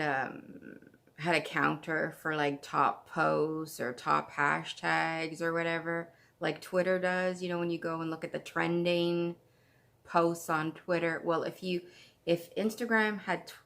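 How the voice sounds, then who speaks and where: A woman with a very low, gravelly voice hosts a casual craft podcast from home. She talks in a gushing, excitable way. She is from Canada. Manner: chatty and gushing, breaks into excited laughter. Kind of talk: casual chat.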